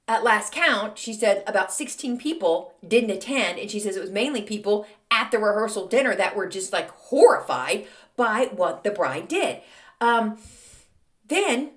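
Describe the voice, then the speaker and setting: Chatty woman host. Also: mid-range voice. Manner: chatty, conversational, many fillers like "um" and "like". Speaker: podcast host. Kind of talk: casual chatty storytelling.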